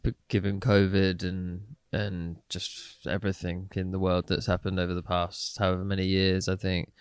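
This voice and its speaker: A man's voice: sits low, completely flat delivery, moderate pace, smooth, no echo, clean studio sound. A man in a band answering interview questions, easygoing and giggly, with many fillers. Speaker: band member. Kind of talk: casual interview chat.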